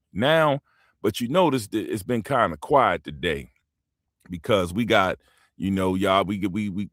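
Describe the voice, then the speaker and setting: A man's voice: a bit bright, dry recording, clean studio sound. A middle-aged man lecturing and teasing his audience in a rambling, profane livestream monologue. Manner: lecturing, rambling, swings in pitch.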